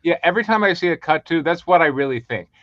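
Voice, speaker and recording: A man chats about scripts in an animated, rambling way, often restarting his sentences. His voice is fairly high and swings widely in pitch. The sound is dry and dull, as if from a lo-fi mic. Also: fast talker. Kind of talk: casual chat about scripts.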